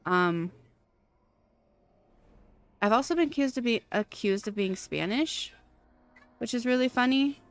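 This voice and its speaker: Slow, smooth-voiced woman streamer rambling. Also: on the high side, expressive. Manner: rambling, thinking aloud, frequent fillers and laughs. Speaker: game streamer. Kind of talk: casual live-stream chat while gaming.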